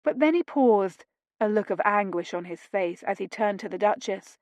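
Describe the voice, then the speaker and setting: A woman reading a romance audiobook in steady, measured scripted narration on a close mic. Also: medium pitch, no room sound.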